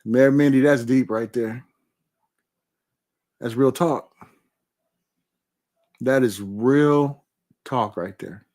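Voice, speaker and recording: Man, live-stream host, mid-pitched, unhurried and repetitive, reading viewer comments aloud. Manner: warm, repetitive, emphatic affirmations. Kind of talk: casual live stream chat.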